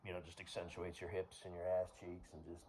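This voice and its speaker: A man talking in a rambling, casual monologue to the camera, full of fillers and throat clearing. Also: low-pitched, flat delivery, fast, darkish tone. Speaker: vlogger.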